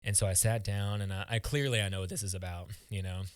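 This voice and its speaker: A man with a fairly low voice tells a personal story as a podcast guest, earnest and halting, often restarting his words. The sound is dry and close, with no room around it. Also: fairly even intonation, dry recording. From United States.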